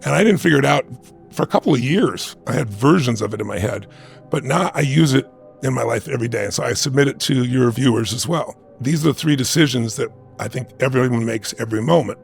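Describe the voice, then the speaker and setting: Man with a very gravelly voice, motivational speaker, emphatic storytelling, faint music behind. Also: mid-range voice, quick pace. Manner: emphatic, conversational, with frequent "right?" asides. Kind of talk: interview answer with personal storytelling.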